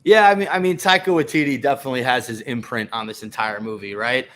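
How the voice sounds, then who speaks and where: A man's voice: medium pitch, fast, fairly bright tone. A young adult man co-hosting a casual movie review chat, hesitant and asking his co-host questions. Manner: hesitant, many fillers and restarts, asks his co-host questions. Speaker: film review podcast co-host.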